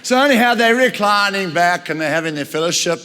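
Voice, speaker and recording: A man preaching a storytelling sermon, retelling a Bible story in an animated way with frequent chuckles. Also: high-pitched, fairly quick, clear, resonant tone, big-room sound.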